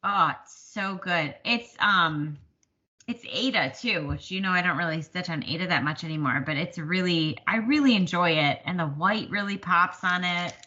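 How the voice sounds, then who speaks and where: Fairly low in pitch, her voice moves at a moderate pace with a sharp edge. She's a talkative, self-deprecating co-host of a casual stitching podcast who laughs often, heard through slightly dull lo-fi audio.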